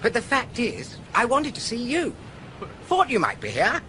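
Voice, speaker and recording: A man's voice: extremely high pitch, wildly swooping pitch, moderate pace, sharp tone, slight background noise, exaggerated voice. An actor playing a nervous, bumbling young aristocratic Englishman in a radio drama. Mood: flustered. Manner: blustering, hesitant, slangy.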